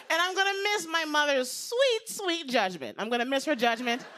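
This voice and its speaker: Brash high-voiced woman doing stand-up. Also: big pitch swings, a little slow, sharp tone, a little hiss or hum. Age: 50s. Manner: brash, confiding, punchline-driven. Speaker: stand-up comedian. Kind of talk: stand-up routine. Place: stage before a live audience.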